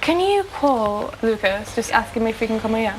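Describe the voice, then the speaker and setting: A woman's voice: on the high side, expressive, normal speed, noisy background. A British woman on a reality show, talking heatedly and repeating herself. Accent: British English. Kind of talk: heated casual talk.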